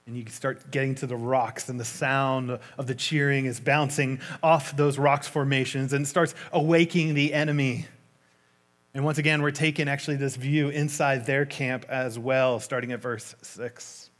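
A man preaches a sermon, retelling scripture as vivid storytelling. He talks conversationally, with casual asides to his listeners. His voice sits at an average male pitch. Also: level tone, moderate pace, fairly bright tone.

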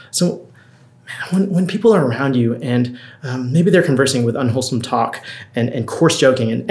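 A man in his thirties delivers a sermon in an earnest, storytelling way, with a gravelly edge to his voice. He often doubles back on his words as he preaches. The room around him rings with echo. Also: a little high. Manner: earnest, storytelling, frequent restarts. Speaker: pastor. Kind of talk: conversational sermon. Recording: roomy echo.

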